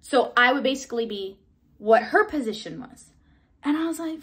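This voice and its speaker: Chatty young woman telling a story. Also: moderate pace. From Southern California. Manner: chatty, full of "like" fillers and mild swearing; acts out her own past excitement in high bursts. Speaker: vlogger. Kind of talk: casual storytelling vlog.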